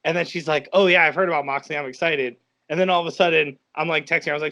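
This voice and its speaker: A man co-hosting a wrestling review podcast, telling stories excitedly with lots of fillers in casual chat. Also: on the high side, dull audio. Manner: excitable, quick storytelling with many fillers. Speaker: podcast co-host.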